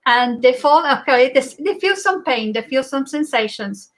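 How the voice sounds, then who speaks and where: A woman giving a spiritual talk in a reflective way, pausing often with fillers. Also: high-pitched, animated, fairly bright tone, low-quality recording. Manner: reflective, with many pauses and fillers. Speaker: guest speaker.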